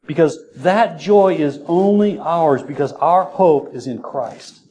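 A man's voice: on the high side, warm tone. A man preaching a sermon as pastor, earnest and repeating his key points. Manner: earnest, repeats key phrases, quick laughs.

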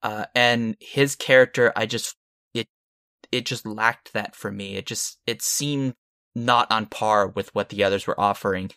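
A man's voice: on the low side, steady tone, a little slow, pushed and bright, clean tone, no room sound, clean studio sound. A man co-hosting a film podcast, giving frank opinions in a rambling, casual way. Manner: rambling, frank, with short laughs. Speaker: podcast co-host.

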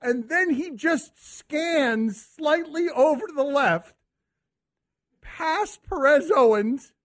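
A man hosting a sports radio show, excitable and mocking, often laughing as he talks. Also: very high-pitched, slow pace.

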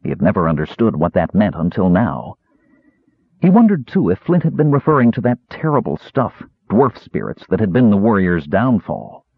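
A man narrating a fantasy audiobook with a very expressive delivery. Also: lowish voice, normal speed, slightly rough, no echo. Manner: very expressive, wide-ranging delivery. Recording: dry, tinny phone-like sound.

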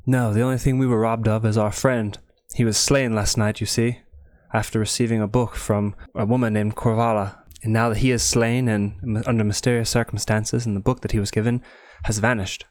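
A man playing a stern gentleman who formally demands answers in a tabletop game. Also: lowish voice, level tone, brisk, no room sound, studio quality, lightly acted.

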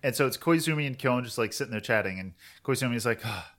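A man's voice: mid-range voice, quick pace. A man co-hosting a podcast, retelling an anime episode in a rambling, casual chat. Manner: rambling, animated retelling with quoted voices. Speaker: podcast co-host.

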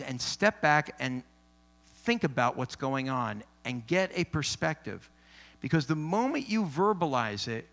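Earnest, fairly high-voiced male preacher. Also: a bit bright. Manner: earnest, measured, with emphatic pauses. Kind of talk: sermon.

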